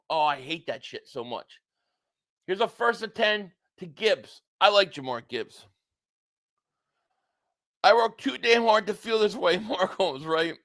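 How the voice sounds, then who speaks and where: A man hosting a live sports reaction stream, reading viewer super chats aloud and ranting bluntly, with some swearing. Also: high voice. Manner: excitable, blunt, ranting, profane.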